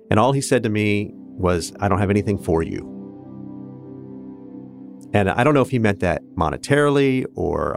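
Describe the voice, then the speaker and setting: A man in his fifties from Kansas with a low, deep voice, speaking earnestly and candidly. He reflects on his own life as a guest in a conversation, with faint music underneath. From Kansas, USA. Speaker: interview guest. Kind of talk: personal storytelling in conversation.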